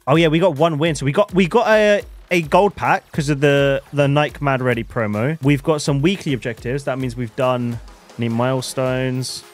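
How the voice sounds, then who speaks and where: A young man commentating on his own video game as a streamer, with bursts of shouting hype and quiet muttered asides. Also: mid-range voice. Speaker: gaming streamer.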